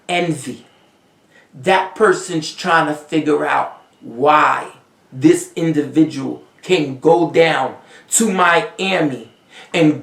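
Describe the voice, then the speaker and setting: A Haitian-accented man gives casual spiritual advice as a vodou priest. He tells his stories with animated emphasis and drops his voice low to stress a point. He sits well back from the microphone, and the room adds a noticeable echo. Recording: roomy sound, distant from the mic.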